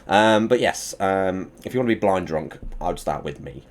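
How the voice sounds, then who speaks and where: Young male streamer host, deep but animated, loose and sweary, full of hype for chat. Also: moderate pace, few pauses, a little hiss or hum. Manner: excitable, swearing, hyping up chat. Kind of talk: casual live-stream chat.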